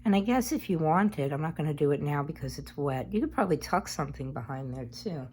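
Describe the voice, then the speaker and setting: A woman's voice: low-pitched, animated, brisk, darkish tone, slight background noise. A woman chatting casually through a craft tutorial, meandering as she works. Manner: chatty and meandering, talks while working. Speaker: craft vlogger.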